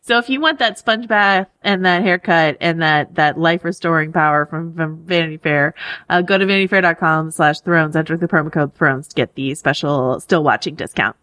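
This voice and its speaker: A woman's voice: sits low, normal speed, a bit bright, dry recording. A woman co-hosting a podcast, chatting casually with many fillers and frequent laughs. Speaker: podcast co-host.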